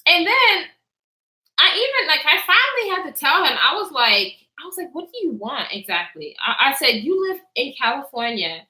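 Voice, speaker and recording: Speaking at a normal speed in a high voice, a young woman vlogs a casual story time from an echoey room. She animatedly acts out people's words, reads from live chat, and laughs a lot.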